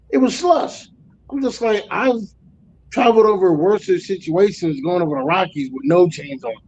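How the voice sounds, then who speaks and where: A man in his forties, a truck driver guest, telling road stories in a profane, animated casual way. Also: fairly high pitch, highs cut off. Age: 40s. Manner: profane, animated storytelling with loud acted outbursts. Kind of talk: casual storytelling chat.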